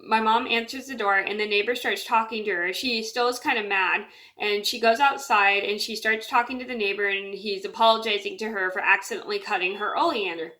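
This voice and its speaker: A woman with a bright, somewhat high voice tells a personal story straight to camera. Her talk is loose and rambling, full of fillers and restarts, and she keeps trailing off with "blah, blah, blah". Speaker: storyteller vlogger.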